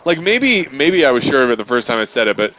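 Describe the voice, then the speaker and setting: A man with a medium-pitched voice talks fast while hosting a gaming channel, telling a rambling story over gameplay. His animated retelling is full of swearing and filler words, and the recording is muffled with slight background noise.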